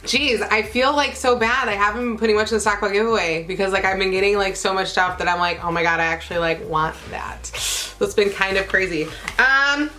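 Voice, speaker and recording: Bright, gushing young woman vlogger. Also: medium pitch, fairly quick, a little hiss or hum. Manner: gushing, exclamatory, lots of fillers. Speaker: beauty vlogger. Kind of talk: excited unboxing chat.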